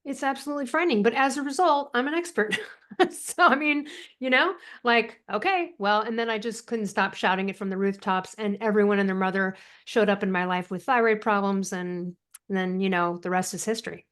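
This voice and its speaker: A woman guest on a podcast interview, talking in an animated, emphatic way and laughing often. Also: medium pitch, a little fast. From United States. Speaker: author and thyroid coach, guest.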